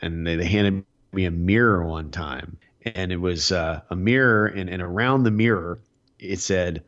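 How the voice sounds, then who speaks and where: A man's voice: low-pitched, normal speed, fairly bright tone, muffled recording. A man co-hosting a casual chat show, talking in a chatty, joking way and chuckling often. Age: older. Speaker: podcast co-host.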